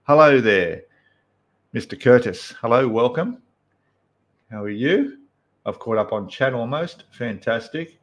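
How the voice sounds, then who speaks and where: Chatty Australian man hosting a stream. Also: fairly low pitch. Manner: chatty, greets viewers one by one. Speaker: live stream host. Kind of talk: casual live stream chat.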